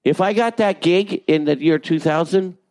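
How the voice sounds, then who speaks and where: A man who works as a voice actor, telling animated, self-deprecating stories in a casual interview and swearing freely. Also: fairly high pitch, moderate pace, no room sound. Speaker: voice actor guest.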